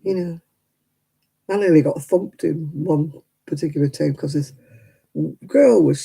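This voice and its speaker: Gravelly, husky older woman. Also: fairly low pitch, warm tone, low-quality recording. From United Kingdom. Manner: chatty, indignant ranting with many fillers. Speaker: craft livestream host. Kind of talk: casual chat while crafting.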